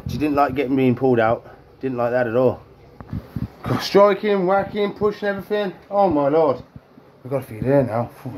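A man's voice: mid-range voice, darkish tone, slight background noise. A man hosting a reptile-feeding vlog, chatting away and coaxing the animals in a sing-song voice. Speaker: reptile keeper and channel host. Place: indoors among reptile tanks.

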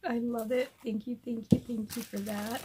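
Woman craft vlogger, slow and gushing, slightly high voice, noisy recording with paper crinkling. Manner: gushing, says "cute" and "oh my gosh" constantly. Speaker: craft vlogger unboxing happy mail. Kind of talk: casual unboxing chat to camera.

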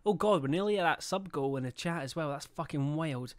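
Hosting a game livestream, a young man talks loosely and animatedly at a slightly quick clip, his voice a bit high for a man. He curses freely and reads chat and subscriber messages aloud as he goes.

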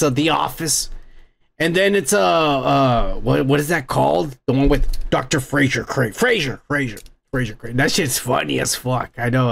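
Gravel-voiced young American host, rants fast and swears a lot, pitch a little high. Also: male voice. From United States. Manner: profane, rambling, excitable. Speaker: podcast host. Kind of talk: profane comedic rant.

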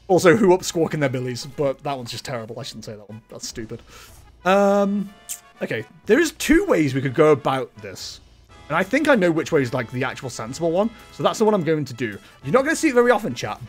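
A man live-streaming a card game, chatting casually, joking about himself and laughing often. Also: fairly high pitch. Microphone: desk microphone, webcam. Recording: music playing faintly behind.

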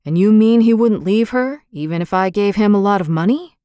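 A woman voicing a gruff, impatient older gentleman in a storybook reading, sharp-spoken and abrupt. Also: medium pitch, a little fast, no room sound, clean studio sound, lightly acted. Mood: brusque. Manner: sharp and impatient, then softening.

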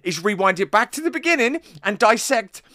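Hyper, swearing reaction host with a bright voice. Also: mid-range voice, very animated, fairly quick, no room sound, clean studio sound. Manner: hyper, rambling, swears constantly. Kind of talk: excited reaction commentary.

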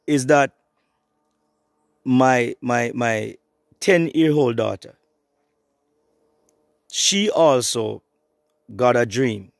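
A middle-aged man preaching an online sermon, fervent and repetitive, swinging between hushed and rising passages. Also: mid-range voice, gravelly, no echo, clean studio sound.

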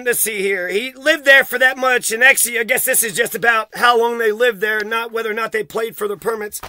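A man's voice: extremely high pitch, bright, forceful tone, no echo. A man ranting into the camera for his vlog, heated and accusatory, swearing constantly. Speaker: vlogger. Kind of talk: profane angry rant to camera.

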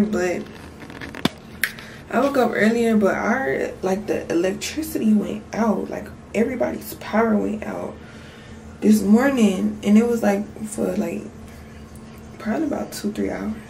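A woman's voice: mid-range voice, unhurried, vocal fry, darkish tone, a little hiss or hum, low-quality recording. A woman in her twenties, a young mom, chatting casually to her viewers in a vlog just after waking up, sleepy, with speech. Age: 20s. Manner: chatty, candid, talks straight to viewers. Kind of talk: casual vlog chat to camera.

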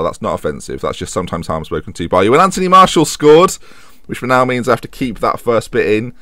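A man's voice: lowish voice, expressive, fast, a bit bright, no echo. A man giving chatty, jokey let's-play commentary on a football management game as a gaming YouTuber, with self-deprecating asides.

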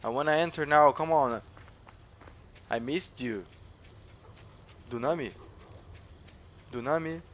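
A Brazilian man commentating gameplay for his viewers, excitable and jokey, swearing often and switching into Brazilian-accented English. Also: fairly high pitch, slow, pauses often, slight background noise. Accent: Brazilian Portuguese. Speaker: gaming YouTuber.

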